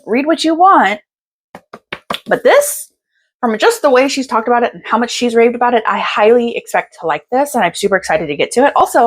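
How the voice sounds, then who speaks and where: A young woman with a twang talks her way through a stack of new books. She is tired and a bit out of breath, yet she stays chatty and bubbly, gushing over every pretty cover. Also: medium pitch. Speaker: book vlogger. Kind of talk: casual book haul chat.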